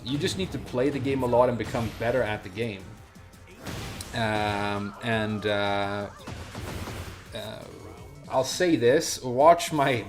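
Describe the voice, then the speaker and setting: Chatty man rambling over gameplay. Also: on the low side. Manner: rambling, chatty, many fillers and asides. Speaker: streamer. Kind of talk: casual gameplay commentary.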